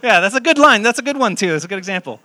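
A young man, a pastor, giving a relaxed, joking sermon with lots of fillers and restarts, asking the congregation questions. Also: high voice, rapid-fire, dry recording. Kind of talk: casual sermon with audience interaction. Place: church hall. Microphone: handheld mic.

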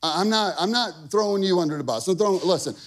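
A man in his thirties, a pastor preaching a lively, conversational sermon, calling out to the congregation. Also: high voice, fast. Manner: energetic, conversational preaching with call-and-response.

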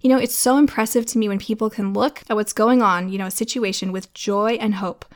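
A woman's voice: mid-range voice, steady tone, a little fast. A woman in her thirties hosting a faith-based podcast for mothers, talking earnestly and laughing often. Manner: earnest, warm-hearted, laughs often, tears up reading lyrics. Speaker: podcast host.

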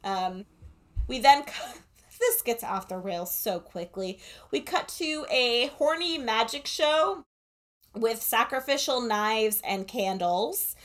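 A woman's voice: fairly high pitch, expressive, slow pace, a bit bright. A woman podcast co-host in casual chat, recapping a film plot in a chatty, sarcastic way and laughing often, speaking into a headphone mic. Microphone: headphones with a corded mic.

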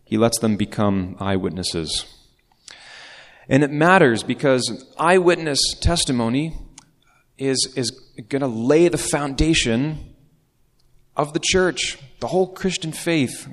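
A man's voice: medium pitch, slow pace. A man preaching a sermon as pastor, in a conversational way with casual asides. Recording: long reverb of a large hall.

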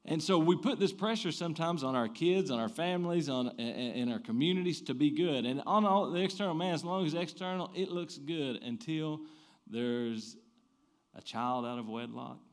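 A man, preaching a sermon. He swings between loud emphatic bursts and quiet low asides, and often restarts his phrases. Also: moderate pace. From American South. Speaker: pastor.

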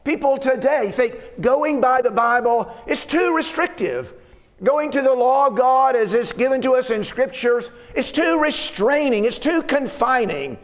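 A man's voice: extremely high pitch, lively intonation, a little slow. A man preaching a sermon, reading verses aloud and explaining them in an earnest way, often repeating his words. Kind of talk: sermon on Scripture. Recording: long reverb of a hall.

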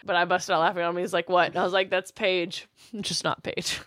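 A woman co-hosting a comedy podcast, giggly and animated in casual chat. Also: on the low side, a little fast, dry recording, clean studio sound. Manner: giggly, animated, laughs often.

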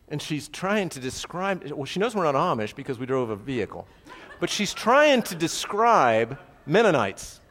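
A man's voice: fairly high pitch, big pitch swings, normal speed, fairly bright tone, in a large hall. A middle-aged man preaching an expository sermon as pastor, talking conversationally with asides and frequent check-ins with his listeners.

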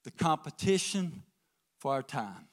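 A man preaching a folksy sermon, swinging from quiet asides to emphatic calls to the congregation. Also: a little high, sing-song, unhurried. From American South. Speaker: pastor.

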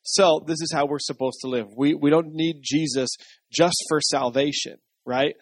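A male pastor gives a conversational sermon, often asking the room for an answer. His voice sits somewhat high for a man. The recording is dry and close. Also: steady tone, moderate pace, no room sound. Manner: conversational, asks the congregation for responses.

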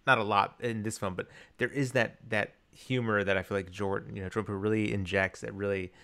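A man with a fairly low voice co-hosts a casual film podcast. He talks with eager enthusiasm, circles back often and fills gaps with "you know". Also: fairly even intonation, fast, creaky, sharp tone, clear, resonant tone. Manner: enthusiastic, rambling with many restarts and fillers. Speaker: podcast co-host.

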